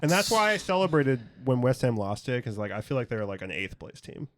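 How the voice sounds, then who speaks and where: A man's voice: medium pitch, big pitch swings, brisk. A man co-hosting a casual sports podcast from a home studio, rambling and often trailing off mid-sentence to restart. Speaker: podcast co-host.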